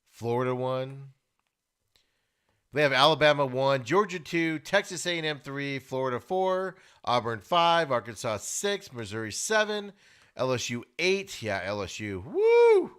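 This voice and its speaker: A man hosting a sports podcast, giving opinionated casual commentary and getting loud and high when worked up. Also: expressive, unhurried, clear, resonant tone. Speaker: podcast host. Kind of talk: casual sports talk monologue.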